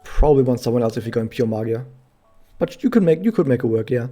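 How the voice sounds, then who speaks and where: A German man talks his way through a game stream in a loose, rambling way, often restarting his sentences. His voice is mellow and dark, at a middling pitch. Faint music plays under him. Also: animated, quick pace. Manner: chatty, rambling, self-correcting. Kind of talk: casual live-stream commentary.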